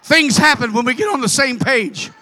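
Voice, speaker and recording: Shouting high-voiced fervent preacher man. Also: moderate pace. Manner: impassioned, repetitive calls, often shouting; urges the congregation with "come on" and "amen". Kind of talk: fervent sermon.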